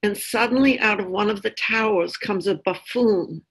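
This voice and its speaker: Husky woman leading a reflective talk. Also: medium pitch, low-quality recording. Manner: thoughtful storytelling, measured. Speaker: discussion leader. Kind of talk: reflective group discussion.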